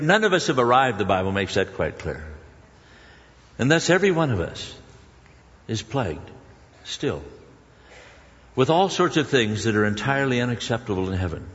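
A man preaching a sermon, telling a personal story with lively shifts between loud exclamations and hushed, prayerful tones. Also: medium pitch. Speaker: pastor. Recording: muffled sound with long hall reverb.

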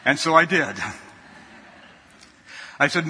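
A man's voice: high-pitched, unhurried, pauses often, bright, forceful tone, breathy edge. A man preaching a sermon, telling a folksy story and often repeating his words. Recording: long hall reverb.

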